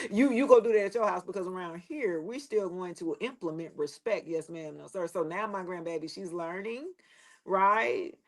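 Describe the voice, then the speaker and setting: A woman's voice: on the low side, normal speed. Middle-aged woman, live-stream host, rambling and blunt, talks straight to camera. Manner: rambling, emphatic, blunt with swearing. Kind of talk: casual live-stream chat.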